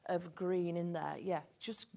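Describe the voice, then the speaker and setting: A woman's voice: medium pitch, moderate pace. A woman with a Yorkshire accent presenting a live sewing show, explaining fabrics and their care in a chatty, down-to-earth way. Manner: warm, explanatory, hedging. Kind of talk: live shopping chat.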